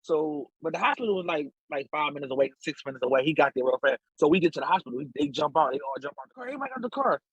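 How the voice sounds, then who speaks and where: Husky-voiced man telling stories. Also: rapid-fire, few pauses, no room sound, muffled recording. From Philadelphia. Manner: animated, acts out quotes with big pitch jumps. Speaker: podcast guest. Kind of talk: casual storytelling.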